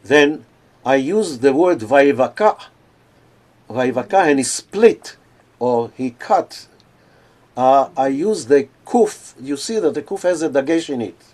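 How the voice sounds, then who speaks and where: A man giving a conference lecture on cantillation. He explains in plain speech and then chants scripture verses slowly, with drawn-out phrasing. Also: mid-range voice, expressive, a little mellow.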